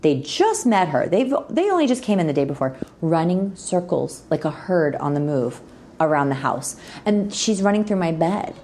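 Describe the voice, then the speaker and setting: A middle-aged woman, a podcast guest, telling frank and playfully crude stories in an animated way and jumping into the voices of the people she quotes. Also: normal speed, a little hiss or hum. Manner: lively, acts out quoted people with big pitch jumps. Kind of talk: animated storytelling in a podcast interview.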